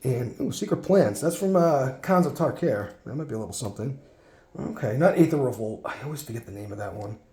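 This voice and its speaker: A man's voice: medium pitch, animated, fairly quick, dark tone. Chatty man telling stories in an echoey room. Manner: rambling, chatty, many fillers and restarts. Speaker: card collection vlogger. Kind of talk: casual storytelling while sorting cards.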